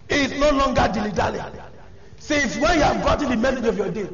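High-pitched man preaching with fervor. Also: fairly quick. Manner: shouted, emphatic preaching punctuated with hallelujah and oh man. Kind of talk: sermon. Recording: echoey hall, dull lo-fi sound, congregation audible.

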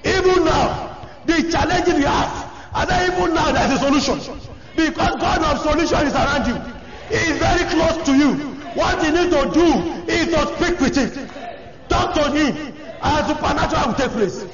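A man with a strikingly high voice preaches in an emphatic, shouted style, his lines peppered with exclamations of praise. The sound is dull and lo-fi, with a long echo rolling through a large hall and a congregation clearly audible around him. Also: normal speed, a crowd in the background. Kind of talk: sermon.

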